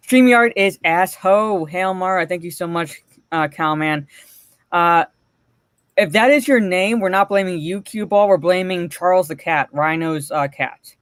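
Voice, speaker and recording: A woman's voice: fairly low pitch, a little slow, no echo, studio quality. A woman co-hosting a live stream, ranting and cursing, then greeting viewers in the chat one by one.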